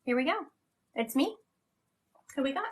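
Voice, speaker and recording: A woman's voice: sits high, very animated, normal speed. Chatty woman on a live stream. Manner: chatty, rambling, laughs at herself. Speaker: psychic medium hosting a live stream. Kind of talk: casual live-stream reading.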